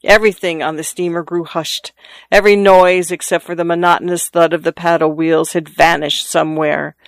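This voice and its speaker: A narrator reading a classic story aloud in a measured, even manner. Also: medium pitch, gravelly, no room sound.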